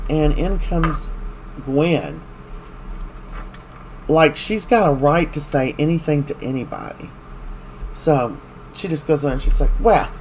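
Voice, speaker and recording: A man's voice: fairly high pitch, a little mellow, slight background noise. A man recapping a soap opera in casual chat, rambling and opinionated as he retells scenes.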